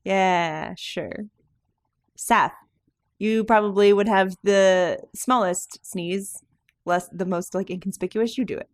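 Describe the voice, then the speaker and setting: A woman's voice: medium pitch, slow, dry recording. Woman planning a heist, dry close sound. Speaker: player. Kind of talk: casual tabletop role-play.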